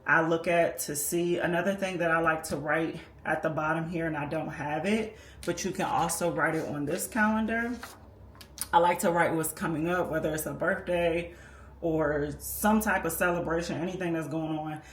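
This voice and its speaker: A woman's voice: sits low, moderate pace. A woman walking viewers patiently and methodically through a budgeting tutorial, explaining as she works on paper. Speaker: personal finance creator. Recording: echoey room with faint background noise.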